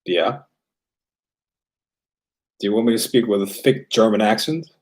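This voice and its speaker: A man's voice: lowish voice, unhurried. A man raised bilingual, hosting a casual livestream and answering viewer questions in a loose, rambling way full of fillers and restarts.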